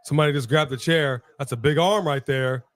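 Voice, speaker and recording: A man co-hosting a live wrestling watch-along, chatting casually and breaking into shouts and laughter. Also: on the high side, brisk. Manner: excitable, bursts into shouts and laughter. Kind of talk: casual live commentary chat.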